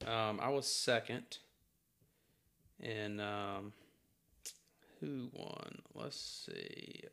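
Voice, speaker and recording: A man's voice: on the low side, very slow, vocal fry, fairly bright tone. A man co-hosting a casual podcast, easygoing and prompting his co-host to tell stories. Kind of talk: casual chat.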